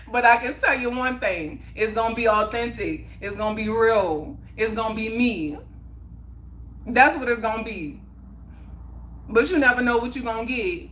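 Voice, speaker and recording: A woman hosting a casual livestream chat speaks in a bright, clear, slightly high voice at normal speed. She's emphatic and heartfelt, repeating phrases to hammer her point home. A faint room hum lies beneath her.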